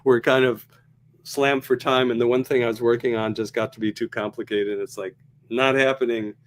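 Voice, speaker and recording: A man's voice: mid-range voice, flat delivery, a little fast, a little hiss or hum. A man who is a podcast guest, chatting casually and chuckling often. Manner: chuckling, easygoing. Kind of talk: casual chat.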